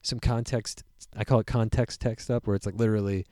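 A man co-hosting a casual movie review chat, animated and swearing freely while he acts out characters' lines. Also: on the low side, a little fast, no echo, studio quality. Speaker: podcast co-host.

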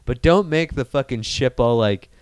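A man hosting a casual nerdy podcast, talking in an excitable, profane and rambling way. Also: medium pitch, moderate pace, clear, resonant tone, dry recording. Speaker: podcast host.

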